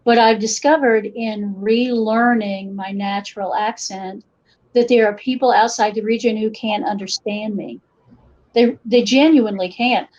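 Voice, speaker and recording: A middle-aged woman from western North Carolina with an Appalachian accent, talking in an interview, lively and acting out the voices she quotes, with frequent restarts. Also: mid-range voice, a little slow, dull audio. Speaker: guest, folklorist and educator. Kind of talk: conversational interview storytelling.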